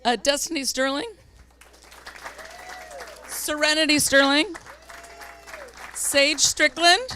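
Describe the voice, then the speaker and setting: A woman school board member presenting awards at a public meeting, earnest, reading names slowly and carefully. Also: sits high, pushed and bright, a little hiss or hum.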